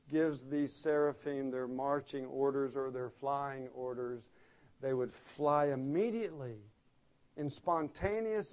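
A man's voice: mid-range voice, a little mellow. A man preaching an expository sermon, explaining the text earnestly and stressing key words by repeating them.

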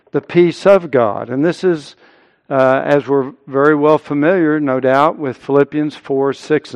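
A man preaching a sermon as pastor, slow and deliberate, rising for emphasis on key phrases. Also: medium pitch, gravelly, darkish tone. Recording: long hall reverb.

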